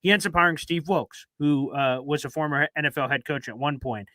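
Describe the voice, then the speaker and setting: A man's voice: fairly high pitch, a little fast, sharp tone, no echo, low-quality recording. A young man hosting a sports radio talk show from a radio station studio, chatting casually with self-deprecating jokes. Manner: rambling, self-deprecating, jokey.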